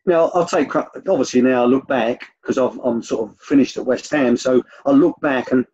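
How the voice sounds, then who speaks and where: In a relaxed interview, a former youth coach, now an older man, rambles through anecdotes and keeps restarting. He sounds husky at a medium pitch and moderate pace, and the recording is muffled.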